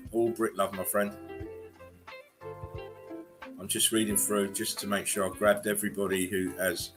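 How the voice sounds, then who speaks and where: A man hosting a casual livestream chat, relaxed and rambling as he greets viewers and laughs between remarks. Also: lowish voice. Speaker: livestream host.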